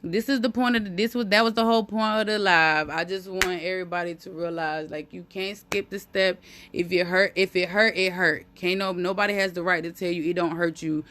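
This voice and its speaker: A woman's voice: fairly low pitch, fairly even intonation, a little fast, fairly bright tone, slight background noise. A woman talking candidly on a live stream into a phone. She speaks openly and profanely and repeats phrases for emphasis. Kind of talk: heartfelt live-stream monologue.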